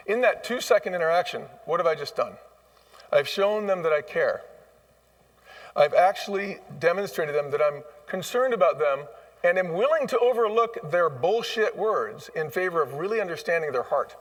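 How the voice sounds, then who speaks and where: A man's voice: a little high, animated, brisk, recorded from a distance. A man speaking as a guest in a live onstage interview, telling stories emphatically and acting out bits of dialogue. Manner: emphatic, acts out quoted dialogue. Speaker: former restaurant chain CEO, guest. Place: conference stage.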